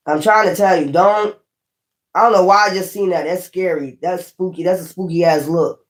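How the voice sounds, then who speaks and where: Her voice is lowish and her pace moderate. Doing a casual tarot reading, this woman is blunt and profane, cautioning the viewer and restating things to make them stick.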